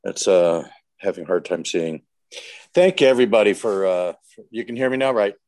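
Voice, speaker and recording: Very deep-voiced man sharing on a call. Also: animated, fairly quick, a little mellow, no echo. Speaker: meeting participant sharing. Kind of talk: casual meeting share. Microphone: video call.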